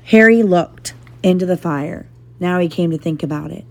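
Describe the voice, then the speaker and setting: A woman reading a novel aloud to her child, lively and animated, with brief asides. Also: fairly low pitch, moderate pace.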